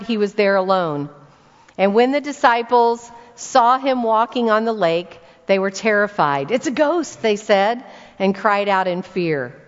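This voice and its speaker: A woman preaching a conversational sermon to women, reading scripture and asking her listeners direct questions. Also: mid-range voice. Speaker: women's ministry speaker. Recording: dull sound with long hall reverb.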